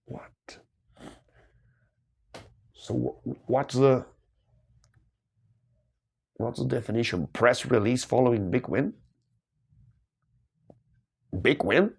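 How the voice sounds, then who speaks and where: A man's voice: mid-range voice, very slow, gravelly, long pauses, breathy edge. A man working through cryptic crossword clues aloud, musing and questioning himself, with sudden bursts of delight. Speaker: crossword solver. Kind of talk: thinking aloud while solving puzzles.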